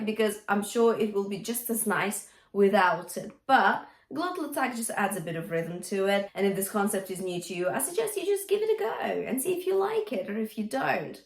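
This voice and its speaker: A woman's voice: mid-range voice, echoey room. A woman vocal coach teaching a singing lesson, encouraging her students and checking in with "yeah?" and "okay?" as she explains.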